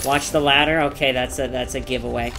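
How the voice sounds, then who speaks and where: A young man hosting a gameplay stream, gushing and exclaiming excitedly as he plays. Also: mid-range voice, a little fast. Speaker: gaming streamer host. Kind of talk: live gameplay commentary. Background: game music and gunfire.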